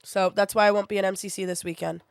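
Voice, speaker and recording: A woman's voice: medium pitch, flat delivery, creaky, clear, resonant tone, no room sound. A young woman streamer, sick with a sore throat, chatting casually and venting bluntly with plenty of swearing. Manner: blunt, swears often, quick to vent.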